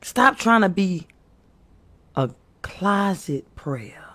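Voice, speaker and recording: A man's voice: high voice, big pitch swings, extremely slow, bright, forceful tone. A man preaching to his viewers with impassioned, earnest exhortation, pleading and repeating himself. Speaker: faith speaker.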